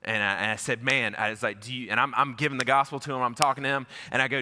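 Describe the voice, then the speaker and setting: A man preaching a sermon as pastor, telling a story in casual slang and swinging between loud bursts and hushed moments. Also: mid-range voice, steady tone, fast talker, hardly any pauses. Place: large church auditorium. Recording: reverberant church hall.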